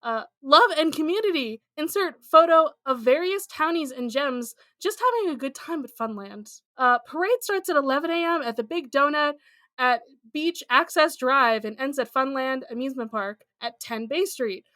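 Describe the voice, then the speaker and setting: A woman with a high-pitched voice co-hosts a casual podcast. She reads listener posts aloud in a playful, joking way. Her voice is recorded close and dry. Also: lively intonation, moderate pace, fairly bright tone, no room sound. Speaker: podcast co-host.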